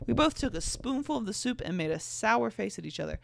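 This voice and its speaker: A woman's voice: mid-range voice, expressive, fairly quick, vocal fry, no room sound. A young woman podcast host reading aloud a fanfic she wrote as a teen, tipsy and giggly, breaking off for asides. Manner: tipsy, giggly asides between read passages.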